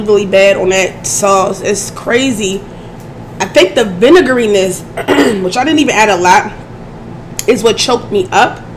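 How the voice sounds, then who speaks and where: A hoarse woman vlogger chatting casually to her viewers as she eats, often clearing her throat. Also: a little high, a little hiss or hum. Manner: chatty, addresses audience as y'all, keeps clearing her throat. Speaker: mukbang vlogger. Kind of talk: casual eating chat to viewers.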